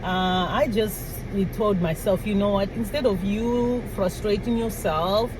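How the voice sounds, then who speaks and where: Slow-talking woman telling stories, laughing. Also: medium pitch, noisy background. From outside the US. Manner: animated, laughing, acts out little dialogues. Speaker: vlogger. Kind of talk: casual storytelling to camera.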